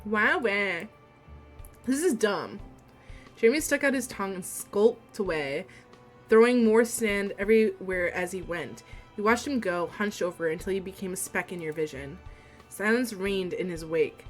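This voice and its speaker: A young woman streaming a story game, reading the text and dialogue aloud in a steady voice and breaking into giggles and swearing between lines. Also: mid-range voice, moderate pace, faint music behind.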